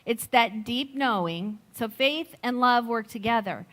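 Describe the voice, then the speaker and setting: A middle-aged woman giving a sermon, slow and reflective, telling a personal story with gentle laughs. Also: on the high side. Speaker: speaker at a Sunday service.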